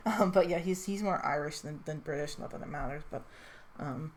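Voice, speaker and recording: A woman with a lowish voice talks through a character she created in a loose, rambling chat. She swears freely and keeps breaking into laughter. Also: a little fast, slight background noise. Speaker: character creator presenting her character. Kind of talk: casual chat.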